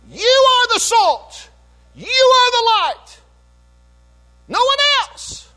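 A man preaching a sermon as pastor, repeating phrases and rising to shouts at times. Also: fairly high pitch. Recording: mains hum behind.

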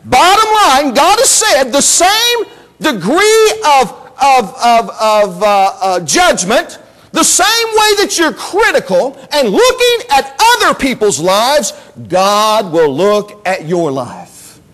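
A man's voice: extremely high pitch, very animated, slow pace, fairly bright tone, rough recording. A man preaching a sermon in a church service, emphatic and repetitive, building to exclamations.

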